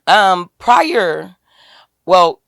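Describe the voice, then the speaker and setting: A woman, a guest on an interview podcast, telling a personal story in a casual, animated way and acting out the quoted dialogue with a lifted voice. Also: fairly low pitch, extremely slow, vocal fry, no room sound, studio quality. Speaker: podcast guest, tax business owner.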